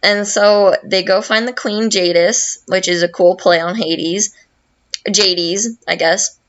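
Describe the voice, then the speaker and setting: A young woman hosts a podcast, telling a story in a slow, loose, rambling way. She swears a lot and fills gaps with fillers. Her recording sounds dull and lo-fi. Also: medium pitch, fairly even intonation. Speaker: podcast host. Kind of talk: casual plot retelling.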